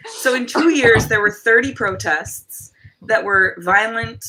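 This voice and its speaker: A woman's voice: a little high, a little slow, background noise. A woman on a video call reading a book aloud on a livestream, mocking it in a casual, jokey, swearing way. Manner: jokey, swearing, laughs often. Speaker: livestream reader.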